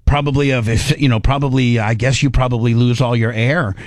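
Middle-aged male show host, lively storyteller who acts out his own voices and restarts often; dry, close sound. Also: medium pitch, fairly quick, dry recording. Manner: animated, acts out his own panicked inner dialogue, frequent restarts. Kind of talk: casual storytelling chat.

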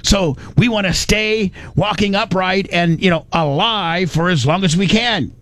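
Blunt, mocking radio host. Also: male voice, sits high, measured pace, fairly bright tone, no room sound. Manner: crude, mocking, rambling with restarts. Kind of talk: blunt talk-radio commentary.

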